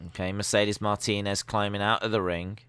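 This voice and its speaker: A man's voice: on the low side, little pitch movement, a little fast, a bit bright, clean tone, no room sound. A young man hosting a live stream watch-along, giving chatty, sarcastic, opinionated commentary.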